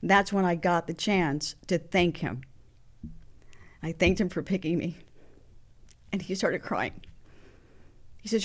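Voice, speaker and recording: A woman's voice: on the low side, unhurried, pauses often. A woman in her sixties, a guest telling candid personal stories in an interview, acting out the phone calls she recounts. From Mexican heritage. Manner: animated, acts out phone calls in quoted voices.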